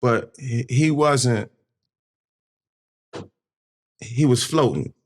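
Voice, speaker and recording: A man from DC telling a nightclub story in casual podcast chat, acting out quoted people in a raised, shouting voice. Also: very slow. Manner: animated storyteller, acts out quotes in a high shouting voice. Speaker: podcast host.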